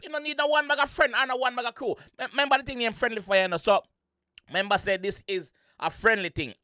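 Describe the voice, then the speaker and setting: A man's voice: very high voice, steady tone, fast, sharp tone, smooth, no room sound, clean studio sound. A Jamaican man hosting a reaction video, repeating rap lyrics in patois and laughing along. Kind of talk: casual reaction commentary.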